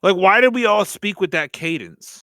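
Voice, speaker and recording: A young man co-hosting a casual podcast, telling animated stories full of swearing and acted-out quotes. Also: sits high, normal speed, no echo, clean studio sound. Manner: animated storyteller who swears freely and acts out quotes. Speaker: podcast co-host. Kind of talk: casual chat.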